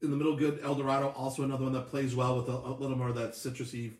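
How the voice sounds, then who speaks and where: A man's voice: mid-range voice, flat delivery, very fast, darkish tone, reverberant. A man from Buffalo, New York co-hosting a casual beer-tasting chat, joking around and explaining hops and flavors in detail. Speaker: beer-tasting show co-host.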